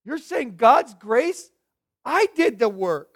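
A man's voice: extremely high pitch, sing-song, slow pace, voice pushed up, full character voice. A man voicing his indignant wife as she protests during his sermon.

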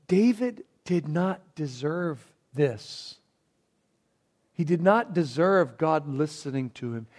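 A man preaching a Bible sermon, dropping to a hushed, reverent tone and then rising into emphatic, repeated phrases. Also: fairly high pitch. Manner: swings between hushed reverent passages and raised emphatic bursts; repeats words when building a point. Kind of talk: expository sermon.

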